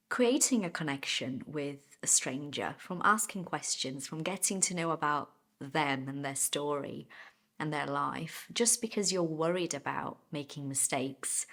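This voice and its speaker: Low-voiced woman telling a story. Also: fairly bright tone. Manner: chatty, explains idioms mid-story; laughs while telling. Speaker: English teacher. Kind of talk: storytelling English lesson.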